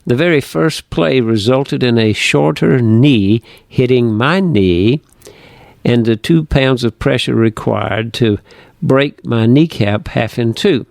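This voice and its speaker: Brief: man narrating his own book, earnest and measured, dry close sound, mid-range voice. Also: medium pitch, gravelly, darkish tone, dry recording. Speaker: author reading his book. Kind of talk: reading narration.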